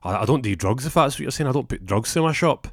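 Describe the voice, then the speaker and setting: A man's voice: low-pitched, moderate pace, a little mellow, dry recording, studio quality, natural voice. A man voicing a flustered middle-aged shopkeeper, a bride's father, who stammers.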